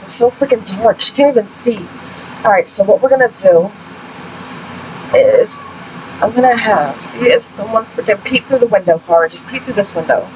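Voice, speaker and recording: A young woman giving chatty, excitable let's-play commentary, exclaiming often as she narrates the story. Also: medium pitch, background noise. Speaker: gaming channel host. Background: game music.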